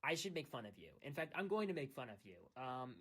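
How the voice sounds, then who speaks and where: A young American man rambles late at night into his phone's mic, teasing and poking fun at himself. His mid-range voice swings widely in pitch, and he talks fast with a bright, forceful tone. It's a casual, meandering monologue from a young adult.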